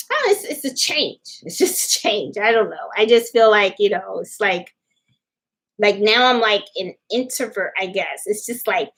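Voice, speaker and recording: A middle-aged woman with a New York accent, talking casually and a little higher than most women. She wanders from thought to thought as she chats with her viewers on a live stream from home. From New York City. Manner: chatty, meandering, talking straight to her chat. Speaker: crafting livestream host.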